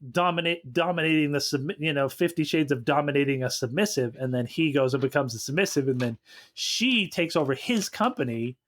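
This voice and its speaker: A man co-hosting a comedy podcast, giving mocking, animated recaps of a movie's plot. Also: on the high side, fairly quick. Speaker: co-host.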